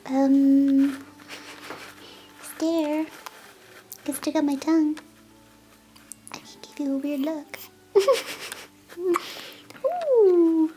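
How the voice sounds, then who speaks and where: High, slow-cooing mother, noisy home video. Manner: soft cooing, often whispering. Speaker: mother filming her baby. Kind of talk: home video baby talk.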